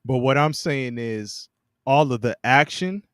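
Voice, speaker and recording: A man co-hosting a casual sports podcast, talking in halting bursts with many restarts and frequent laughter. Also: medium pitch, lively intonation, no room sound, clean studio sound. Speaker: podcast co-host.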